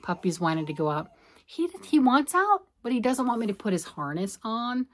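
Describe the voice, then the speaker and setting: A woman's voice: fairly high pitch, big pitch swings, moderate pace. Chatty middle-aged woman knitting vlogger. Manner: chatty, rambling, self-talk while working. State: a little out of breath. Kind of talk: casual chat.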